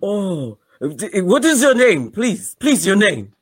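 A man playing a banished French woman comic with a put-on French accent, speaking in a halting, earnest way. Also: sits high, sing-song, breathy edge, dry recording, heavily acted.

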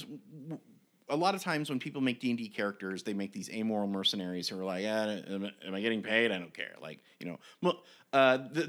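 A man and game master telling a story in an interview, animated and rambling with frequent restarts. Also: medium pitch.

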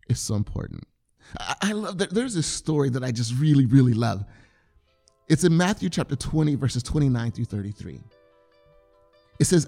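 A man's voice: mid-range voice, dark tone. A man preaching a sermon, repeating key phrases for emphasis and acting out the people in a scripture story. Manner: dramatic, acts out the crowd and the blind men in raised voices. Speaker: pastor.

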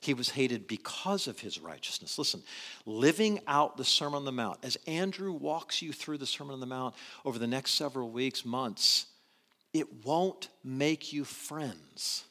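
A man preaching a sermon in an animated way, swinging between loud emphasis and quiet asides. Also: medium pitch, moderate pace. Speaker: pastor.

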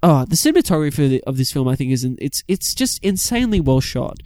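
A man's voice: on the high side, very animated, quick pace, darkish tone, dry recording, clean studio sound. Rambling man reviewing a film. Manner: rambling, many restarts and fillers. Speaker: podcast co-host. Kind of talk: casual film review chat.

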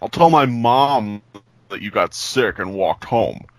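A man voicing a bored, menacing teenage bully in a flat, gravelly drawl. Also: on the low side, slow, dry recording.

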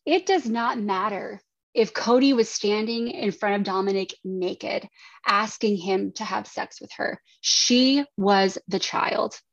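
A woman in her thirties shares her own story as a podcast guest, speaking in an earnest, halting way. Her voice carries a gravelly fry. The recording is dry, with little room sound, and a bit dull. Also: medium pitch, dry recording. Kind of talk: personal testimony in a podcast interview.

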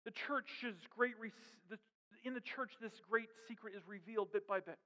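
A man's voice: sits high, steady tone, moderate pace, bright, forceful tone. A man preaching a sermon as pastor, with emphatic rhetorical questions. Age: adult with young daughters. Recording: dull sound with long hall reverb.

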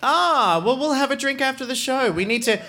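High-voiced, animated man hosting live. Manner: animated, laughing, quick storytelling. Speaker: podcast co-host. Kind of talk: live comedy podcast chat on stage. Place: stage before a live audience.

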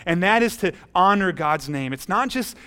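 A man's voice: high voice, lively intonation, moderate pace, bright, forceful tone, clear, resonant tone. A man preaching a sermon as pastor, earnest, often restarting his phrases.

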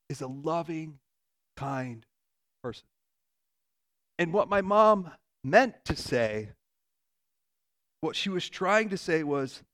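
A man in his forties gives an earnest sermon to a church congregation, with a fairly high voice for a man. He keeps asking the room questions and drops his voice low and soft to press a point home. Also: expressive, takes it slowly, pauses often. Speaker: pastor.

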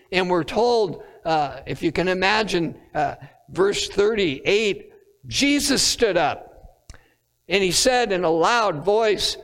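A man preaching a sermon, pausing often on fillers and lifting his voice when quoting scripture. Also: fairly high pitch, a bit bright, long reverb tail. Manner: halting, many filler pauses, rising on quoted scripture.

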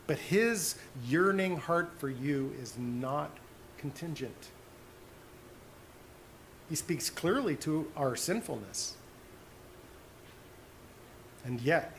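A man preaching a sermon as pastor, earnest, dropping to soft hushed tones on tender points. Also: on the high side, slight background noise.

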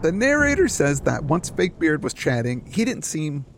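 A man's voice: on the high side, sing-song, moderate pace, gravelly, noisy background. A man co-hosting a casual book discussion podcast, retelling the plot and acting out quotes with a chuckle. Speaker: podcast co-host.

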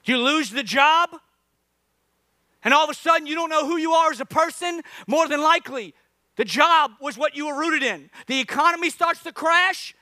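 A man's voice: very high-pitched, lively intonation, moderate pace, pushed and bright, no echo. A man, a pastor telling a comic story in a sermon and acting out breathless gasps.

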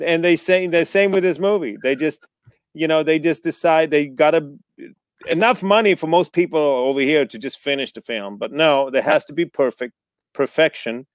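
A man in casual conversation, telling animated stories, swearing freely and acting out quotes. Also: fairly high pitch, dry recording, studio quality. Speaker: actor guest. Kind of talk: casual storytelling chat.

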